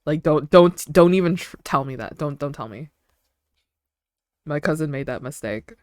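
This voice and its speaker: Young woman rambling chattily, lowish voice. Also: lively intonation, normal speed, darkish tone, no room sound, studio quality. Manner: rambling, filler-heavy storytelling with frequent giggles. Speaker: streamer. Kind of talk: casual chat with stream chat.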